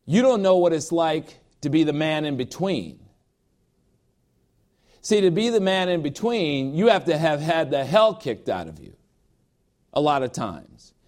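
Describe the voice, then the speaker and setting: A man with a somewhat high voice preaches to his congregation. He talks in an emphatic, emotional way, drifts into personal asides and repeats phrases to hammer them home. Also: lively intonation, measured pace, pauses often, a little mellow. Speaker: pastor. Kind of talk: sermon.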